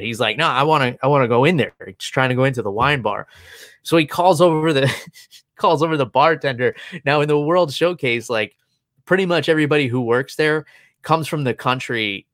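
A man in his thirties co-hosting a show, relating a story in a loose, chatty way. He chuckles often and leans on fillers. His voice sits at a middle pitch, and the sound is dry and close. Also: a little fast, a bit bright, dry recording. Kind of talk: casual anecdote telling.

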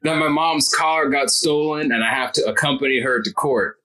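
A man's voice: medium pitch, normal speed, bright, forceful tone, lightly acted. An actor playing a big, chummy male coworker with an Albanian accent at a sketch table read. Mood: brash. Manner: brash, says bro and man a lot.

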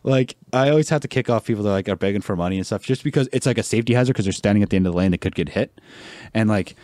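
A young man telling animated stories as a podcast guest, swearing freely and laughing often. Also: fairly low pitch, very fast, no room sound. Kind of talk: casual podcast chat.

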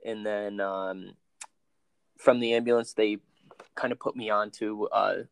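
Man recounting a crash, halting. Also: lowish voice, steady tone, creaky, smooth, no echo. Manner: halting, many fillers and restarts. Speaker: interview guest. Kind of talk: personal storytelling interview.

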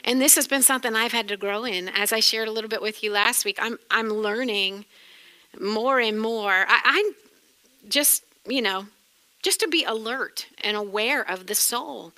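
A middle-aged woman with a New England accent teaching a sermon in a chatty way, laughing often and breaking into lively exclamations. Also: fairly high pitch, moderate pace. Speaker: Bible teacher.

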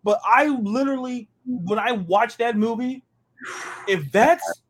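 A man from the American South co-hosting a podcast, talking in an animated, ranting way and stumbling over repeated words when excited. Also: very high-pitched, slow. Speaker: podcast co-host. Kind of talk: casual sports chat.

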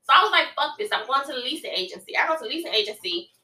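A woman chatting casually and telling a story in a profane, animated way, with loud outbursts. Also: sits high, very fast, reverberant, far from the mic. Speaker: podcast co-host.

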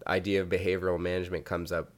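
Low-voiced man asking rambling questions. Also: level tone, racing. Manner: hesitant, rambling questions with fillers. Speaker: podcast host, teacher. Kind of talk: casual chat.

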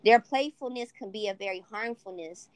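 A woman co-hosting a casual podcast chat, animated and acting out quoted voices. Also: medium pitch, normal speed, dry recording. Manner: animated, swears, acts out quotes. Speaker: podcast co-host.

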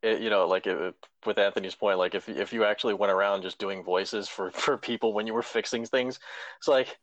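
A man's voice: fairly low pitch, steady tone, brisk, no echo. A man in casual podcast chat, joking and spinning comic scenarios. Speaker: podcast co-host. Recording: dry, dull lo-fi sound.

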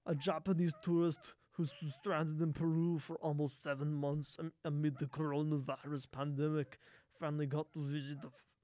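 A man putting on the voice of a gruff male action star, reading a news story in a stiff, halting way. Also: on the high side, little pitch movement, dark tone, lightly acted. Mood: mock-serious. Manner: stiff, halting, stumbles over words.

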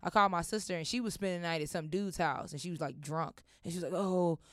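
A woman's voice: fairly low pitch, fast, no room sound, clean studio sound. A young woman, telling a personal story casually, acting out voices and swearing freely. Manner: animated, acts out voices, swears often.

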